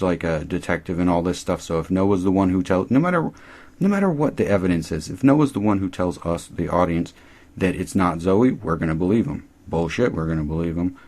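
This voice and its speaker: A man's voice: low voice, dark tone. A man giving a rambling, sarcastic, profane recap of a TV episode. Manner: sarcastic, rambling, swears a lot.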